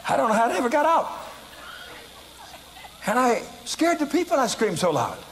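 An older American man preaching, telling a story in an animated way with sudden shouts and laughter at himself. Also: very high-pitched, moderate pace, in a large hall, a little hiss or hum, rough recording. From United States. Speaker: evangelist preacher. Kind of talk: storytelling sermon.

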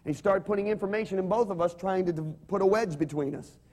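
A man's voice: sits high, fast talker, darkish tone. A man preaching a sermon, telling stories animatedly and having the congregation repeat his words. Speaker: pastor.

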